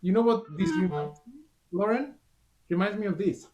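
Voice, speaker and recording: Over loud music, a man with a high voice gives a clarinet masterclass on a video call, speaking at a normal speed and offering short, encouraging instructions between demonstrations.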